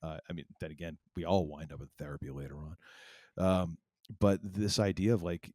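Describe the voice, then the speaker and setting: A middle-aged man co-hosting a podcast, telling a story in casual chat and acting out family quotes with animated energy. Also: low voice, fairly quick, dry recording, clean studio sound. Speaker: podcast co-host.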